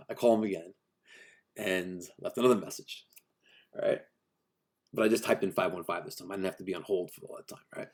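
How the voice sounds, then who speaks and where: A middle-aged man, an HVAC contractor ranting in a vlog about a supplier, exasperated and acting out phone calls. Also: low voice.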